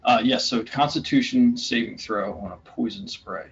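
Running a tabletop game as game master, a man narrates hesitantly, with many fillers and restarts. His medium-pitched voice has vocal fry and moves at a moderate pace, recorded with dull, lo-fi sound and faint room noise.

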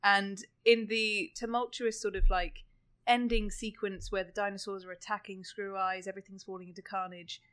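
A woman co-hosting a casual film discussion podcast, lively, often trailing off and restarting her sentences. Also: medium pitch, moderate pace, clear, resonant tone. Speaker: podcast co-host.

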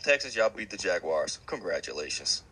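A young adult man co-hosting a sports podcast, who teases and mocks in quick joking riffs. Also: sits low, sing-song, sharp tone, husky. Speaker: podcast co-host. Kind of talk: casual sports chat.

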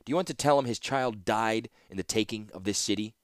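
A stern, anxious male scholar under pressure, terse and urgent, voiced by a male narrator. The voice is low and close, with a dry, unadorned sound. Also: a little fast, dry recording, natural voice. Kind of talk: audiobook character voice.

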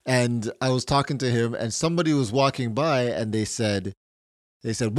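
A man's voice: mid-range voice, moderate pace, dry recording, studio quality. Laughing, swearing male podcast co-host. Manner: animated storyteller, laughs often, swears. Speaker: welder. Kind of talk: casual chat.

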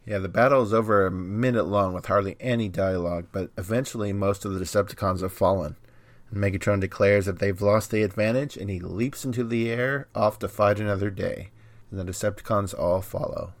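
Casting: male podcast co-host, lowish voice, wry deadpan recaps, dry close sound. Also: a little fast, no echo. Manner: wry, dry humor, laughs often. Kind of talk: casual chat and episode recap.

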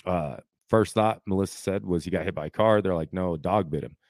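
A man's voice: sits low, brisk, darkish tone, no echo. A man in his thirties, a podcast co-host, telling a story in casual chat and acting out the quotes, saying "dude" a lot.

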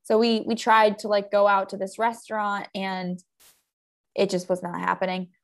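Chatty woman telling a lively story. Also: medium pitch, moderate pace. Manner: animated storyteller, acts out quoted voices. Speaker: podcast co-host. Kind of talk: casual storytelling chat. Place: home, under a blanket.

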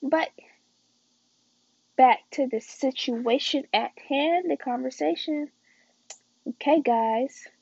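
A woman's voice: high-pitched, slow pace, vocal fry, pauses often, darkish tone, slightly rough, no echo, lo-fi sound. A teenage girl telling a casual storytime vlog, chatting straight to her viewers and calling them y'all and guys. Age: teens.

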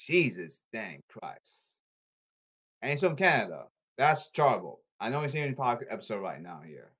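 A man hosting a solo podcast, ranting with exasperation and repeating himself, his pitch leaping and his loudness swinging. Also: fast, husky. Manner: animated, erratic pitch leaps and volume swings. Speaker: podcast host.

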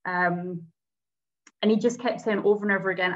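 A woman's voice: medium pitch, moderate pace. A woman, co-hosting a podcast and recounting a case in casual chat, acting out quotes as she goes. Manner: animated storyteller, acts out quotes. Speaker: podcast co-host. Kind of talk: casual true-crime chat. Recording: slightly dull lo-fi sound.

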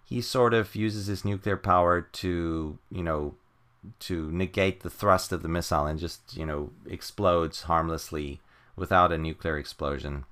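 A man's voice: deep voice, steady tone, measured pace, fairly bright tone. A man co-hosting a comic book podcast in casual chat, rambling with lots of fillers and frequent chuckles.

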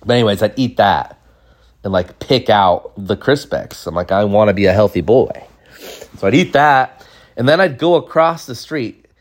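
A young man from California telling rambling childhood stories on a podcast, jumping into high voices to act out what people said. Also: animated, moderate pace. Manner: rambling, acts out quotes in high mimicking voices. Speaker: podcast host. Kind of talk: casual storytelling monologue.

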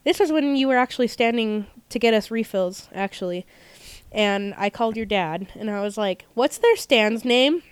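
A young woman rambles through a story as a podcast co-host, tossing in fillers as she goes. Her voice is smooth and clear, recorded dry and close with no room sound. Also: mid-range voice, moderate pace, no room sound. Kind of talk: casual chat.

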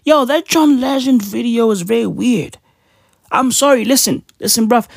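A woman's voice: on the high side, moderate pace, gravelly, dry recording, studio quality. A woman ranting in a profane, mocking and indignant monologue, constantly asking her listeners "right?". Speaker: commentator.

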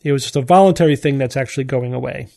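A man's voice: mid-range voice, very fast, gravelly, warm tone. A man hosting a podcast, explaining things in casual panel chat and often restarting his sentences. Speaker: podcast host.

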